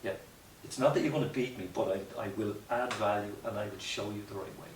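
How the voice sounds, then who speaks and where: A lowish-voiced man talks through his experiences with earnest, reflective restarts. He sits back from the mic in an echoey room. A faint hiss runs underneath. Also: brisk, recorded from a distance. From Ireland. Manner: reflective, earnest, many restarts and "you know" asides. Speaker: guest, mountaineer. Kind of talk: conversational storytelling interview.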